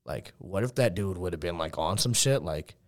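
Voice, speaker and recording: A man's voice: sits low, expressive. A young man with a Texan accent telling a rambling story in casual chat, full of fillers and swearing. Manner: fast rambling anecdote full of fillers and profanity.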